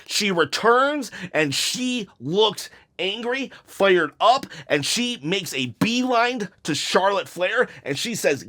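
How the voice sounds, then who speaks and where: A man talking casually and animatedly as a wrestling YouTuber, pitching match ideas with frequent restarts and laughs. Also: lively intonation, a little slow, hardly any pauses, bright, forceful tone. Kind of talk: casual fantasy-booking commentary.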